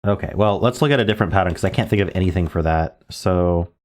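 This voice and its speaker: Low-voiced man musing over word puzzles. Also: fast talker, a little mellow. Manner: muses aloud, spells out letters, self-corrects. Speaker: word game streamer. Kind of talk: casual thinking-aloud gameplay commentary.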